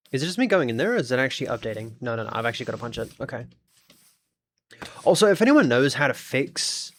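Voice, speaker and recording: A man's voice: medium pitch, a bit bright. A man with an Australian accent, chatting casually with his audience during a gaming livestream in a rambling, talkative way. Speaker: streamer.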